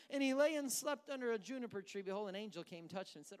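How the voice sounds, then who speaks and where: A preacher giving an animated, conversational sermon who acts out the characters. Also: medium pitch, quick pace, hardly any pauses, clean tone.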